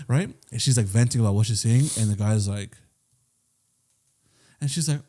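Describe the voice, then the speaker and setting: A man's voice: on the low side, normal speed, pauses often. A young man co-hosting a comedy podcast, chatting casually and acting out bits with lots of swearing. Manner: animated storytelling, acts out bits with swearing. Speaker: podcast co-host. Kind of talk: casual chat.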